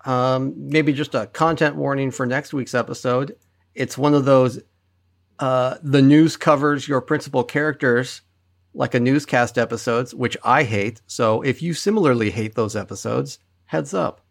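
A man's voice: medium pitch, normal speed, creaky. Dry-spoken male podcast co-host. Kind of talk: casual chat.

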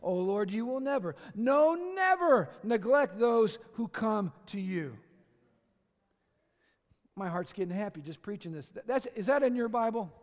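A male pastor preaching a sermon with passion, swinging from shouts to conversational asides with the congregation. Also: high voice, lively intonation, measured pace. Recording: long hall reverb.

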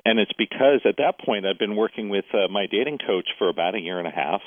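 A man's voice: on the low side, fast talker, dry recording. A man casually telling a personal story as a guest, acting out what others said to him. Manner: animated storyteller, quotes others in dialogue. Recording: tinny phone-like line.

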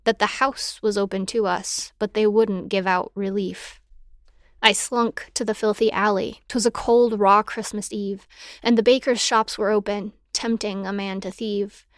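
A woman's voice: mid-range voice, fairly even intonation, measured pace, dry recording, studio quality. A woman giving a dramatic poetry recitation in an impassioned, mournful and bitter manner.

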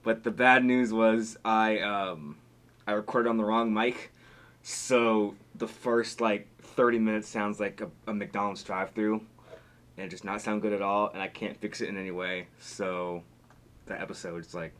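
A young man hosting a podcast in casual chat, rambling and laughing often, his voice trailing off quietly. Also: on the low side, fairly even intonation, moderate pace. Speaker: podcast host.

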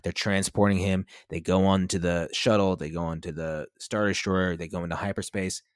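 A man's voice: deep voice, flat delivery, normal speed, clear, resonant tone, dry recording, studio quality. A man co-hosting a podcast, recapping a TV episode in a rambling, casual chat, swearing now and then. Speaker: podcast co-host.

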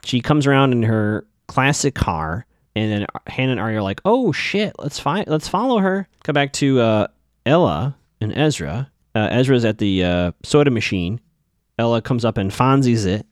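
A man's voice: fairly low pitch, lively intonation, moderate pace, dry recording, studio quality. A man hosting a podcast, giving a casual, opinionated recap of a TV episode with skeptical asides. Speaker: podcast host.

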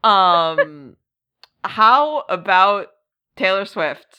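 Slow-talking bright woman podcast host. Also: medium pitch, expressive, clean tone, dull audio. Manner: laughs often, halting with many ums. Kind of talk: casual chat.

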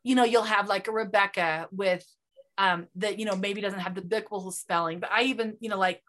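Bright woman, podcast host, chatty, rambling, self-deprecating. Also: mid-range voice, fairly even intonation, a little fast. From Utah. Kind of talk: casual interview chat.

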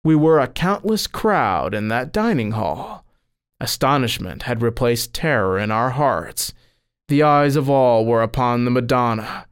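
Male storyteller, middle-range voice, expressive scripted religious narration. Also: unhurried, smooth. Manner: expressive storytelling, lifting pitch on quoted cries. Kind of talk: scripted narration of a saint's dream.

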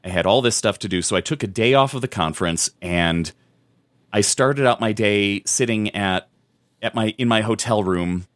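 A man's voice: fairly low pitch, moderate pace, a bit bright, no echo, studio quality. A man in his thirties, a podcast co-host, telling a story in casual chat with frequent restarts. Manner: rambling storyteller with many restarts.

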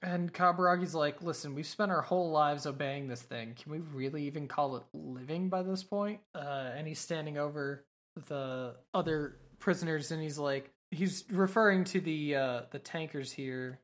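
A woman's voice: low-pitched, moderate pace. A woman casually recapping a show's episode on a podcast, swearing freely and quoting characters as she goes. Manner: swears casually, acts out quoted lines in passing. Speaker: podcast co-host recapping an anime. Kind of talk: casual chat, recapping scenes.

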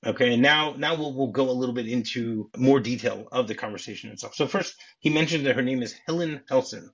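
Husky-voiced man hosting a film podcast. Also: medium pitch, fairly bright tone. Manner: retells film scenes eagerly, with many quick restarts. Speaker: podcast host. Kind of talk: casual podcast film recap. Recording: dull lo-fi podcast audio.

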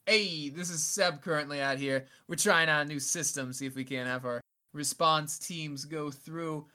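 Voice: medium pitch, moderate pace, bright, forceful tone, natural voice. A game master voicing a radio dispatcher who calls in response teams over a walkie-talkie, hesitant and full of fillers, in a tabletop role-play game. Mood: urgent. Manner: hesitant, filler-heavy, folksy.

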